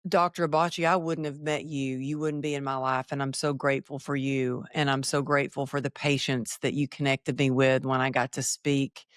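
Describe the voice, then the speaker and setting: Woman, low voice, animated storytelling, quoted dialogue, dry studio sound. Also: normal speed, hardly any pauses, no echo. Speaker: podcast guest. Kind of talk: personal storytelling in an interview.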